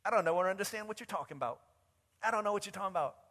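A man acting out a frightened adult man who shouts out desperate denials. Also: high voice, rapid-fire, pitched above the performer's own voice. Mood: defensive. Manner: shouting, panicked. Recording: long reverb in a large hall.

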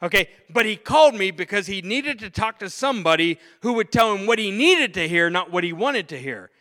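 A man's voice: high voice, big pitch swings, fairly quick, bright, forceful tone. A man in his forties, a pastor preaching a sermon, emphatic, acting out quotes in his delivery. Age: 40s. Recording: long reverb of a large hall.

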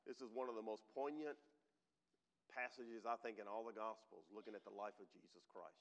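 A man preaching a sermon as pastor, swinging from loud emphatic preaching to quiet, emotional, near-tearful moments. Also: on the low side, steady tone, a little fast. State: emotional, holding back tears. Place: large church sanctuary. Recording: long hall reverb.

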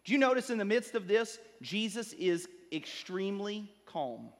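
The sermon comes in a high, light, sing-song voice, the pastor rising in emphasis before settling into slow, soft lines for gravity. A large hall's long reverb rings after his words, like a big sanctuary.

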